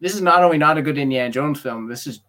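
A man's voice: fairly high pitch, fast, a bit bright. A man co-hosting a casual film podcast, ranting in an exasperated way and quoting his own reactions. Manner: exasperated, ranting with mock quotes. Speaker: podcast co-host.

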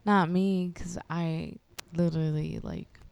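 Young woman, gravelly low voice, swearing, lively podcast storyteller. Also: slow. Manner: animated storyteller who swears a lot. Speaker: podcast guest. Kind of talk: casual chat.

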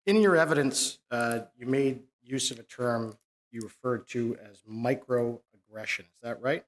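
Male lawyer, measured and probing cross-examination, middle pitch. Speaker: lawyer questioning a witness.

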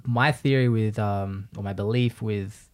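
A man's voice: fairly low pitch, fairly even intonation, unhurried, darkish tone. A man hosting a podcast, talking loosely with lots of fillers and easy laughter. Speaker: podcast host. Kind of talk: casual podcast chat.

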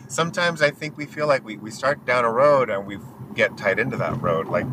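A man with a mid-range voice talks as a passenger in a car, reflective and quick to agree. Engine and road noise sits clearly behind him. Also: mid-range voice. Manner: agreeable, reflective, many short affirmations. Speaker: rideshare passenger guest. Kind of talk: casual chat. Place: inside a car. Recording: noisy car interior. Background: vehicle ambience.

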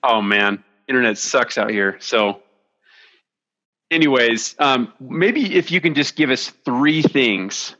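A male host chats casually with his guest over a remote call. His voice is bright and forceful but comes through dull and lo-fi, and he fills pauses with "uh-huh" and "man". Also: mid-range voice, expressive. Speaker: podcast host. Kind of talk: remote podcast interview. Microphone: video call.

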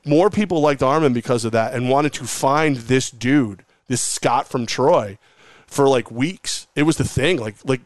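A man's voice: mid-range voice, a little slow, dry recording. A middle-aged man in a mid-range voice, telling rambling stories as a guest on a podcast. He talks animatedly and fills his sentences with "like." The recording is close and dry, with no room sound. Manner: animated, rambling, heavy use of "like". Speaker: guest, former sports radio host. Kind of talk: casual interview storytelling.

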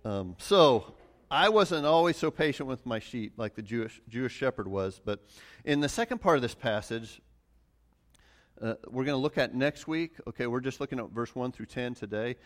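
A middle-aged man preaching a relaxed sermon, mixing farm stories with scripture in a conversational, self-deprecating way. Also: mid-range voice, moderate pace. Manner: conversational, many restarts and fillers, chuckles at himself. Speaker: pastor. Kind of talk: casual sermon with personal stories.

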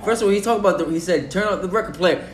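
A man's voice: high-pitched, very fast. A young man co-hosting a casual podcast, cursing and laughing through slangy banter. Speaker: podcast co-host. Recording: echoey room with faint noise.

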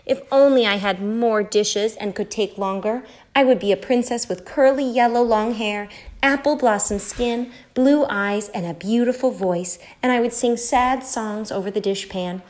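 A kindly, playful older lady from a children's storybook, voiced by a woman reader. She talks quietly and confidingly, a touch lower than the narration. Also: moderate pace, natural voice.

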